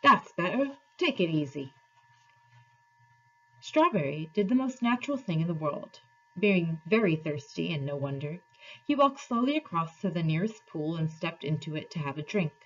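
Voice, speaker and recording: A woman teacher reads a novel aloud to her class at an expressive, measured pace. Her voice is a little husky, and the recording is dull and lo-fi. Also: sits low.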